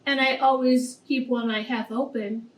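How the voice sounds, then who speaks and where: Sly barnyard cat read by a woman, high voice, echoey room. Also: steady tone, normal speed, a little hiss or hum, lightly acted. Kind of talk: storybook reading. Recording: echoey room, distant mic.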